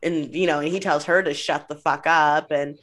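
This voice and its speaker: A woman's voice: sits low, moderate pace. A woman chatting casually as a podcast co-host, recapping reality TV, laughing often and acting out what people said. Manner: animated, laughs often, acts out quotes.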